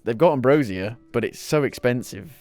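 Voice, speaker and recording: Dude streaming a game, mid voice, chatty and a bit sweary, soft music behind. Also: male voice, mid-range voice, expressive, normal speed. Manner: chatty, swears casually, thinks aloud. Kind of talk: casual gameplay commentary.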